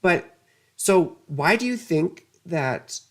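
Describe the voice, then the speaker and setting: A woman's voice: on the low side, animated, slow. A woman astrologer giving a casual astrology lesson, easily flustered, muttering curses and wandering into rambling asides.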